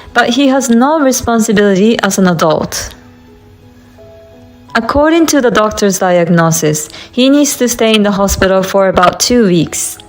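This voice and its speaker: Female narrator, scripted first-person storytelling, even and steady, light music bed. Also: medium pitch. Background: faint background music.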